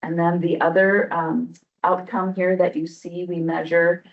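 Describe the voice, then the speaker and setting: In a meeting room, a woman presents program results at a public board meeting, explaining steadily with frequent "um" fillers. Her lowish voice is flat and unhurried, captured on a dull lo-fi meeting recording.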